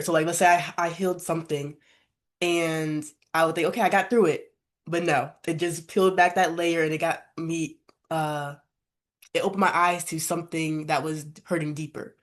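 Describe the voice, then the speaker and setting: A woman's voice: deep voice, steady tone, moderate pace. A woman hosting a podcast, speaking in a casual, reflective way and affirming her guest. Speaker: podcast host. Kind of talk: casual conversation.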